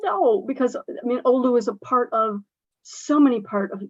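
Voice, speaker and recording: A woman language teacher makes an earnest, emphatic point, full of fillers and asides. Her voice sits fairly high, and the video-call audio sounds dull and dry. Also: steady tone, normal speed, no room sound. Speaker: ESL instructor. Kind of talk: discussion remark in a workshop.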